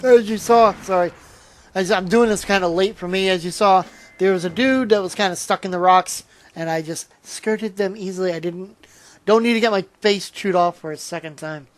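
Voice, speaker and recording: A channel host provides gameplay commentary in a medium-pitched voice at a moderate pace. He sounds tired and yawns, rambling with frequent restarts and trailing asides.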